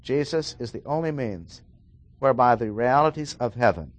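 A man preaching a verse-by-verse sermon, emphatic and slowing down to stress the key words. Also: medium pitch, animated.

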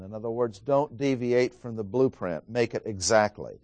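A man's voice: lowish voice, normal speed, hardly any pauses, a little mellow, dry recording. A man teaching a Bible study lecture, methodically stressing key words as he reads scripture aloud, with frequent "uh" fillers between thoughts.

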